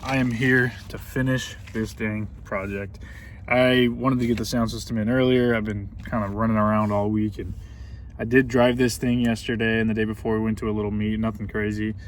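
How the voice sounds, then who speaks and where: A man's voice: on the low side, flat delivery, moderate pace. A man hosting a casual DIY car vlog, talking loosely with many ums and restarts while working on a car in a garage. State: out of breath from working. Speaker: car channel host. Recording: distant mic with faint background noise.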